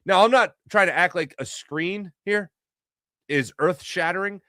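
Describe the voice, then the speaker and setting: A man hosting a sports show, arguing his point in a fast, animated monologue full of rhetorical questions. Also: high voice, dry recording, studio quality. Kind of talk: casual sports commentary monologue.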